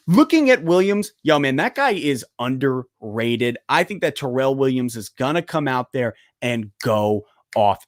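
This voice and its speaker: A young man hosting a live sports stream, chatting casually and excitably while answering viewer questions. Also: mid-range voice, no room sound, clean studio sound. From United States. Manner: casual, excitable, talks to chat directly. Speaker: sports channel host.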